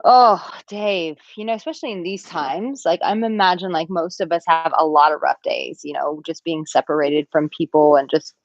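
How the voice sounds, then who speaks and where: A woman in her thirties answers viewers on a live-stream, voicing their comments in playful squeaky impressions. Her voice sits a little low for a woman. The sound is dry and a bit dull, like a home webcam mic. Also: normal speed, few pauses, no echo. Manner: chatty and animated, acts out quotes in a high squeaky voice. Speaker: dating and relationship coach. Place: villa room, at home.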